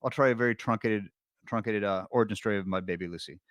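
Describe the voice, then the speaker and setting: A man's voice: on the low side, quick pace, a bit bright, no echo, clean studio sound. A middle-aged man, a podcast guest, telling a long personal story in casual chat, rambling with restarts and fillers.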